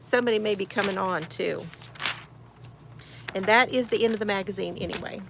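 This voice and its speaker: A woman's voice: medium pitch, a little fast, gravelly, noisy background. A woman hosting a casual crochet livestream from her she shed, greeting viewers by name, reading chat comments aloud and laughing often. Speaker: crochet channel host.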